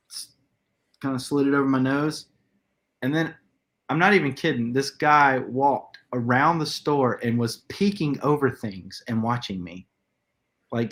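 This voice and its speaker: Man, podcast co-host, casual chat, mid-pitched voice, lively storytelling, acts out quoted voices, frequent laughs. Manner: laughs often mid-sentence.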